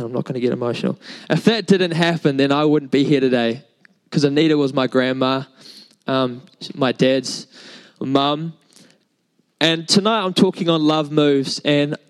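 A man's voice: on the high side, clean tone, poor audio. A young man, preaching a sermon in a casual, chatty storytelling way with many fillers. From New Zealand. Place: church service.

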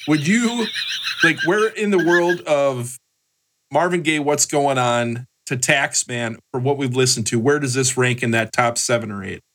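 A man's voice: mid-range voice, measured pace, fairly bright tone. A man co-hosting a podcast, asking the others questions in casual chat. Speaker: podcast co-host.

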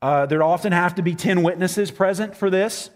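Male pastor, higher-pitched, conversational sermon delivery, long hall reverb. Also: normal speed. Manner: conversational preaching with fillers and acted-out quotes.

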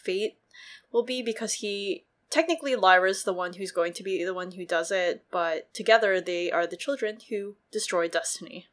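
A woman co-hosting a casual book discussion, chatty and quick to swear and laugh. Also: mid-range voice. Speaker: podcast co-host.

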